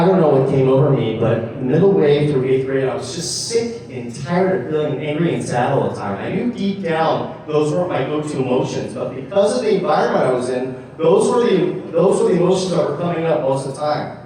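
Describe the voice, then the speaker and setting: A man's voice: a little high, lively intonation, brisk, dark tone. A man giving an earnest motivational speech about his own life at a club meeting, acting out his younger self. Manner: earnest storytelling, acts out his own past voice. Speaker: guest speaker. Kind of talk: motivational personal story. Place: meeting room. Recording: very echoey room from a distant mic.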